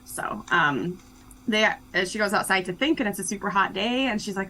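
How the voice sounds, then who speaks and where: A woman's voice: medium pitch, animated, normal speed, pushed and bright, poor audio. Chatty upbeat young woman guest. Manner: chatty and upbeat, many fillers like "um" and "like". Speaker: guest, children's book co-author. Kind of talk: casual interview chat.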